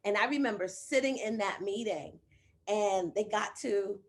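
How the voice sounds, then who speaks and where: A woman in an interview, a coaching client who tells her story lively, acting out quoted conversations. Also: measured pace. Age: adult with children. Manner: animated, acts out quoted dialogue with big pitch jumps.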